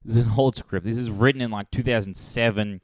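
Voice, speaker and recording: A comedy podcast host rambles fast through a sarcastic movie pitch, keeping it deadpan but breaking into sudden loud jumps. The recording is dry, with clean studio sound.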